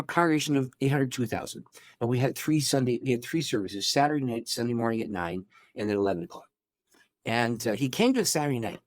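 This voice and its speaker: A middle-aged male pastor recounts a story in an interview. His pitch sits in an ordinary middle range. He speaks in a lively, animated way, breaking off and restarting his sentences as he goes.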